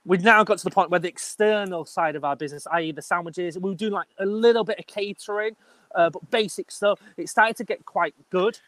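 Animated man telling a story. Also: high voice, fairly quick. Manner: animated, acts out quoted dialogue with slang. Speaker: business owner guest. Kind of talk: casual interview storytelling.

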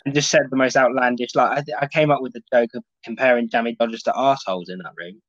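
A man in casual podcast chat, talking in loose rambling bursts full of fillers and swearing. His voice is mid-pitched and sounds dull and lo-fi. The room is dry and close. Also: fast, fairly bright tone, no echo. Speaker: stand-up comedian, guest. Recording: muffled dry lo-fi audio.

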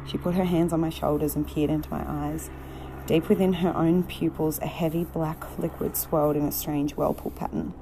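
A woman narrating a novel in a measured, unhurried way. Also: low-pitched, steady tone, noisy background. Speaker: audiobook narrator. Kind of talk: novel reading.

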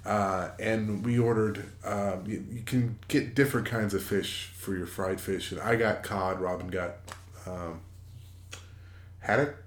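A man in his forties with a fairly low voice rambles through a casual story, stopping and restarting often. He is recorded in an echoey room. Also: fairly even intonation. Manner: rambling, halting, many fillers and restarts. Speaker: podcast co-host.

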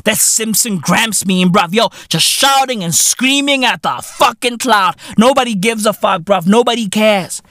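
Loud ranting man in his thirties. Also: high-pitched, unhurried, hardly any pauses, dry recording, clean studio sound. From South Africa. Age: 30s. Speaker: podcast host. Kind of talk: profane comedic rant.

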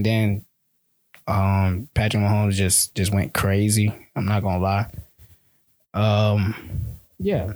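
A man's voice: lowish voice, darkish tone, dry recording. A man hosting a casual solo sports podcast, talking loosely in slang and often restarting his words.

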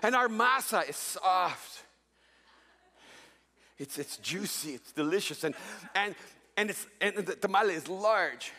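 Animated pastor from El Salvador. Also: male voice, sits high, unhurried, pauses often, long reverb tail. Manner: animated storytelling with jokes. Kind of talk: sermon.

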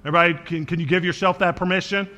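A man's voice: sits high, fairly even intonation, very fast, pushed and bright. A man preaching a sermon as pastor, speaking earnestly and directly to his congregation and quoting scripture with small verbal slips.

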